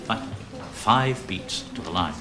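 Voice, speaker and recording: An actor playing a teacher who lectures his class in a lively way, with hesitant fillers. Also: low-pitched, takes it slowly, noisy background. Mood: lecturing. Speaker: older teacher. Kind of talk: television drama acting.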